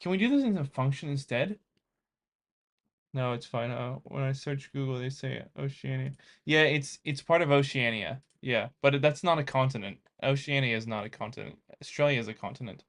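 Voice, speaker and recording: A man's voice: mid-range voice, normal speed, a bit bright. Man muttering to himself while coding. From United States. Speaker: coding vlogger. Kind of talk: casual live coding chat.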